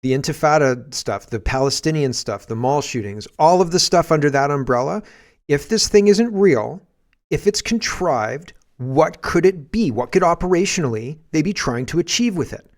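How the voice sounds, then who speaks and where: A man with a Canadian accent hosting a casual political commentary podcast, rambling and animated, breaking into shouts when he acts out scenes. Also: fairly high pitch, moderate pace. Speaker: podcast host.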